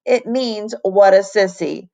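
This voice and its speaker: A woman's voice: mid-range voice, slow pace, creaky, warm tone. A woman voicing a smug schoolboy who mocks a classmate, in a storybook reading. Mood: mocking. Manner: mocking, jokey.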